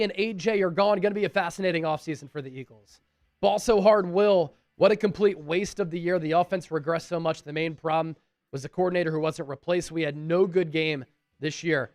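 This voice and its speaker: A man with a high voice hosts a casual live sports stream, reading fan messages aloud and thanking each sender. The sound is dry and close. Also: dry recording.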